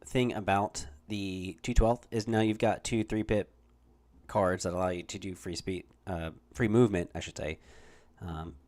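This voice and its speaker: A man's voice: low voice, fairly even intonation, moderate pace, darkish tone. A man hosting a casual livestream chat, easygoing and rambling. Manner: easygoing, rambling with many fillers and restarts. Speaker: host.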